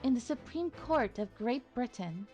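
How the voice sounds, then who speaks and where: A woman voicing a polite, earnest young female assistant in a measured voice. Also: fairly high pitch, lively intonation, darkish tone, highs cut off, faint music behind, pitched above the performer's own voice.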